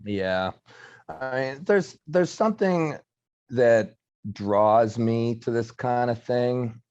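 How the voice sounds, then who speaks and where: Middle-aged male guest, unhurried and thoughtful, ordinary pitch, slightly muffled lo-fi recording. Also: expressive, a little mellow. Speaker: guest, arm wrestler. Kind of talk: casual conversation.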